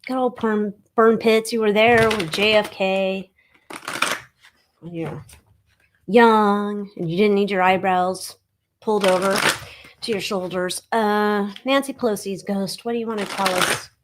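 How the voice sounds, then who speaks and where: A woman's voice: medium pitch, steady tone, a little slow, background noise. Woman host of a live card-reading stream; chatty, joking, irreverent, talks straight to viewers. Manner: snarky, joking, laughs at her own jokes; chatty with many fillers and asides to viewers.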